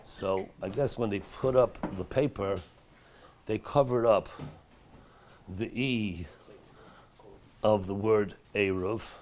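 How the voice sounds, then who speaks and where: A middle-aged man, a rabbi, teaching a Torah class in a synagogue study hall in a chatty, anecdotal way, dropping to a hush at dramatic moments of his stories. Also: fairly low pitch, slow pace, pauses often, slight background noise. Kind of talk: storytelling Torah lecture.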